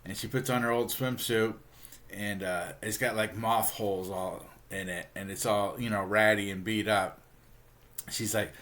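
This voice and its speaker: A man's voice: lowish voice, measured pace, pauses often, a bit bright. A man reviewing a book, casually retelling a comic story in a rambling way, with fillers and chuckles.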